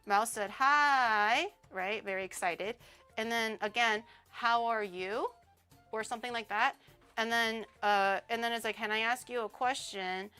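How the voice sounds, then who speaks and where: Bright-voiced young woman streamer. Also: on the high side, measured pace, clean tone, faint music behind. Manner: animated, rambling, laughs often. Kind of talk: casual storytelling chat.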